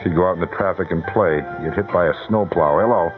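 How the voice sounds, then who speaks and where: A man hosting a live radio call-in contest, brisk and wisecracking as he fields callers one after another. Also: low-pitched, over music. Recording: tinny, narrowband old radio broadcast.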